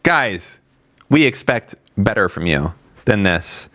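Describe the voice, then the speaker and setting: A man's voice: fairly low pitch, sing-song, slow, a bit bright. A man co-hosting a podcast, chatting in a rambling, sarcastic, jokey way. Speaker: podcast co-host. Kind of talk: casual podcast chat.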